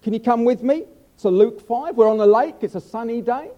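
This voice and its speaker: A man's voice: very high voice, fairly quick, lo-fi sound. An older man preaching a humorous sermon, chatty and self-mocking as he tells stories.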